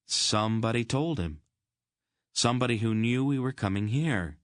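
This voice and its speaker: A man voices an earnest teenage boy who eagerly blurts out his thoughts, pitching a little above his own voice yet staying close to an everyday sound. The mid-range delivery is expressive at normal speed, recorded dry and at studio quality.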